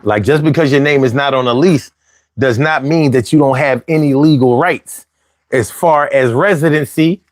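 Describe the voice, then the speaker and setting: A man's voice: mid-range voice, normal speed, no room sound, studio quality. Man with a Philly accent giving advice. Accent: Philadelphia. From Philadelphia. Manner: conversational, slangy, with fillers and jokey asides. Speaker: host. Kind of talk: casual advice talk.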